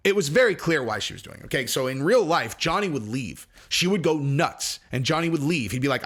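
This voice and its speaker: A man's voice: on the high side, expressive, a little fast, few pauses, fairly bright tone. A man hosting casual commentary, talking in an emphatic, rambling way with frequent restarts. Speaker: host.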